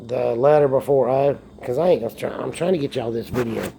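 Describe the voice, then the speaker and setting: Slightly drunk on beer, a male vlogger records a loose, joking, rambling monologue on his phone and swears a lot. He talks a little fast with a warm, vocal-fried mid-range voice over slight background noise.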